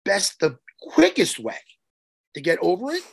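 A man co-hosting a chat show, telling a story in an excitable, profane way with lots of restarts. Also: sits high, unhurried, gravelly, breathy edge. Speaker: podcast co-host and martial arts coach. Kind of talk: casual chat, animated storytelling.

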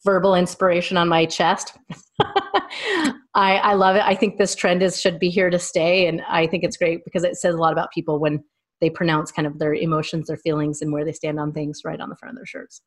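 A woman in her thirties with a somewhat low voice, telling long personal stories as a guest. She rambles and circles back as she talks in an easygoing, conversational way. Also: level tone, fairly quick. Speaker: small business owner and guest. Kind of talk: casual interview chat.

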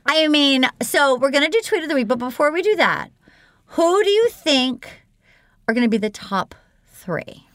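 A woman hosting a podcast, retelling events in a chatty, animated way. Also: sits high, normal speed, no room sound, clean studio sound. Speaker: podcast host. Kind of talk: casual recap chat.

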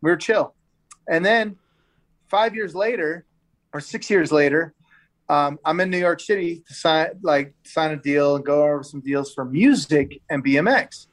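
A man guesting on a podcast, spinning a loose, rambling story in a relaxed, slangy way. His voice sits a touch higher than most men's, and he leans on "like" and "dude" and repeats words as he goes. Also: a little slow. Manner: laid-back and slangy, full of "like" and "dude". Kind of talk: casual podcast chat.

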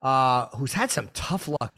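A man's voice: mid-range voice, expressive, unhurried, sharp tone. A man hosting a chat show who makes dry, wry remarks and interviews a guest. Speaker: podcast host.

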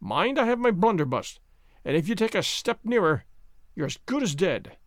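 A man's voice: high voice, very animated, normal speed, no room sound, clean studio sound. A man voicing a miserly, fearful old Scots uncle who talks in a quavering, suspicious way. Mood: threatening.

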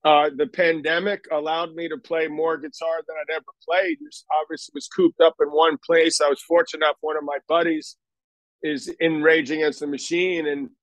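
A man's voice: a little high, level tone, moderate pace, a bit bright, no echo, rough recording. An older man telling stories in a casual interview, rambling and self-deprecating with many restarts. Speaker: guest.

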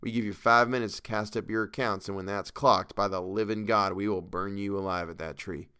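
A man voicing a contemptuous frontier vigilante who threatens a captive with slow, scornful words. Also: fairly low pitch, fairly even intonation, bright, forceful tone, clear, resonant tone. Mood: scornful menace.

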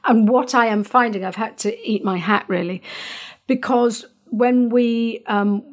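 A middle-aged woman, hosting a parenting podcast and talking gently through a calm breathing exercise, with many fillers and restarts. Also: on the high side, measured pace. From Northern Ireland. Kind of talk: calm guided instruction.

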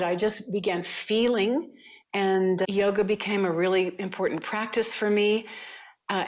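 A woman, a guest on an interview podcast, telling her story in a lively, conversational way and laughing often. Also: medium pitch, lo-fi sound. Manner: animated, laughs often, retells quotes.

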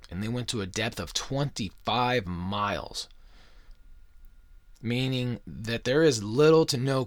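A man's voice: on the low side, fairly bright tone, no room sound. A young man hosting a podcast, delivering a crude, swear-filled conspiracy monologue with mocking jokey asides. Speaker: podcast host.

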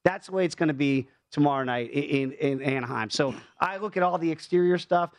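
A man talking as a fight analyst on a sports betting show, emphatic and quick to pile up points. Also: fairly high pitch, no room sound. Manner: fast, emphatic, jumps between points.

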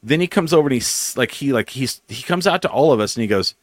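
A man's voice: medium pitch, fast, dry recording, studio quality. A man hosting a casual podcast, telling a long story full of swearing and acted-out quotes. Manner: profane, animated storyteller acting out quotes. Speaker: podcast host.

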